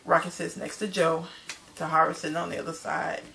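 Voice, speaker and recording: A woman's voice: low-pitched, flat delivery, a little fast, vocal fry, pushed and bright, slight background noise. A woman casually recapping a TV episode to her viewers, chatty and loose, calling them y'all. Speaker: TV show recapper.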